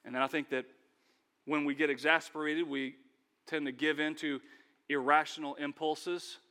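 A man preaching a sermon, animated, acting out characters and calling on the congregation to respond. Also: on the high side, normal speed, long reverb tail.

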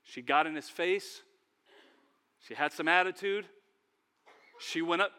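A man preaching a sermon, animated, acting out characters and calling on the congregation to respond. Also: on the high side, unhurried, clean tone, big-room sound.

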